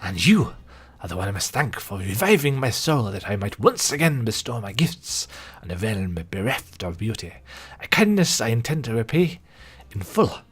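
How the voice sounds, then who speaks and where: Man doing a vain male hairdresser, mock French accent, pompous, grandiose, lively, husky. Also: fairly low pitch, normal speed, hardly any pauses, faint music behind.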